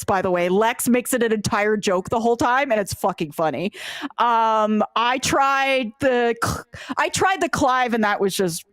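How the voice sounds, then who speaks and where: A woman's voice: fairly high pitch, fairly bright tone, dry recording, clean studio sound. A woman co-hosting a casual game review chat, animatedly retelling scenes and acting out characters' lines, swearing now and then. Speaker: podcast co-host.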